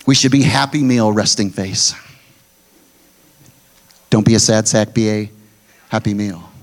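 A middle-aged man preaching a sermon as pastor, pushing phrases up loud and dropping others low and quiet. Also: a little slow. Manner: emphatic preaching, swinging between loud high pushes and low quiet drops.

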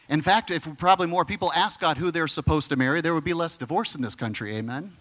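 A man's voice: a little high, fast talker, hardly any pauses, fairly bright tone. A man pastor preaching a conversational sermon, full of fillers and questions to the congregation.

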